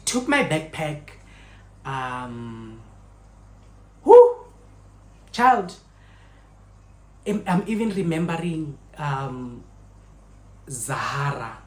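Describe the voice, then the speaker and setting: Low, slow-talking South African woman. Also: roomy sound, poor audio. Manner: expressive storyteller, mixes in local phrases, calls viewers "my faves". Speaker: vlogger. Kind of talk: storytime while cooking. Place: home kitchen.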